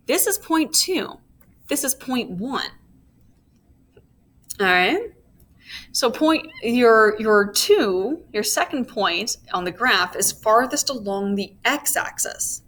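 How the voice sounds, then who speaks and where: Teaching a recorded physics lesson, a woman speaks slowly in an animated, slightly high, somewhat bright voice. She takes students through each step, checking in with "okay?" and slipping in playful asides.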